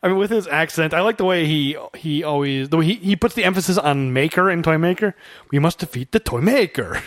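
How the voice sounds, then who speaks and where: Chatty podcast guy, voice a bit on the high side, laughs a lot, dry mic. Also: fast talker, a bit bright, no echo. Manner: chatty, laughs often, quotes lines. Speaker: podcast co-host. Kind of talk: casual film discussion.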